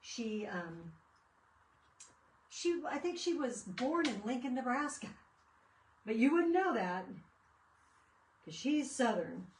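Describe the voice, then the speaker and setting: A woman's voice: a little high, very animated, takes it slowly, long pauses, a little hiss or hum. A woman hosting a casual craft video, chatting and rambling through stories as she works. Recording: echoey room, mic at a distance.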